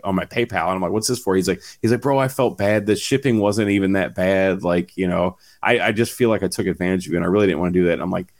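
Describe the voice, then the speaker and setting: Brief: deep-voiced man, casual rambling storyteller, heavy fillers, swears freely. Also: fairly even intonation, fast, hardly any pauses. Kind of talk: casual chat.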